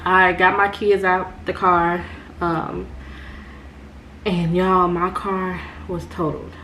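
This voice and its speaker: A young woman tells a story to her viewers in a storytime vlog. She talks slowly and with a lot of animation, and she keeps calling the audience y'all. A faint hiss sits under her voice. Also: lowish voice, little pitch movement, sharp tone. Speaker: vlogger.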